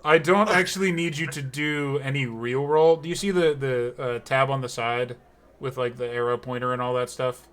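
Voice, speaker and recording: Rambling, bright-voiced male game master. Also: medium pitch, fairly even intonation, normal speed. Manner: rambling, full of fillers and laughter. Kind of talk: narrating a tabletop game.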